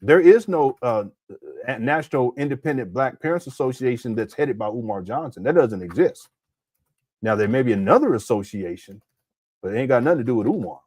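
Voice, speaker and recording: A man with a sore throat talks through a critical livestream commentary, reading viewer chat aloud and often breaking into laughter. His voice sits in an ordinary middle pitch. The recording is close and dry, with no room sound. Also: lively intonation, brisk, darkish tone, no room sound. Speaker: commentary host.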